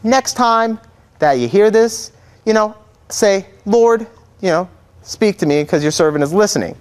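A man's voice: sits high, animated, measured pace, smooth, pitched above the performer's own voice. A young man voicing a sleepy, grumpy old male priest in a Bible story, curt and dismissive, his voice raised a bit.

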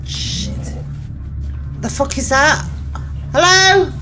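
Loud music plays beneath a woman's animated, high-sitting voice, which moves a little slowly. She hosts a horror game playthrough, giving skittish let's-play commentary to herself with lots of screams, swearing and nervous laughter.

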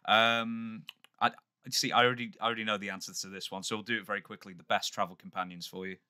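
Male host, very bright lowish voice, casual quick-fire interviewer. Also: little pitch movement, clean tone.

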